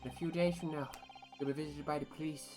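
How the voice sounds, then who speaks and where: A woman voicing a scheming older male villain while reading game dialogue aloud, threatening and deliberate. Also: low voice, steady tone, music in the background, close to an everyday voice. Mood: menacing.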